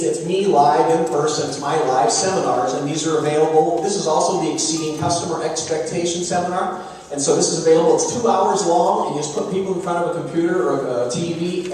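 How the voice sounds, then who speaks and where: A man giving a lively, joking business talk at a luncheon, speaking direct advice to the audience. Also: on the high side. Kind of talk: live seminar talk. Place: luncheon hall. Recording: echoey hall from far off.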